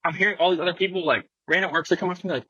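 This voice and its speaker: A man's voice: high voice, very fast, dull audio, heavy background noise. A young man, a skateboarder guest on a podcast, telling a story casually with lots of slang and swearing, acting out what people said. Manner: slangy, animated, swears a lot, acts out quotes.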